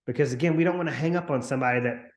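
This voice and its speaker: Energetic male sales coach, echoey room. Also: medium pitch, very fast. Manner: energetic, chatty, acts out upbeat phone calls. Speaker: real estate sales coach. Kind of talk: live coaching session on a video call. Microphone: computer mic on a video call.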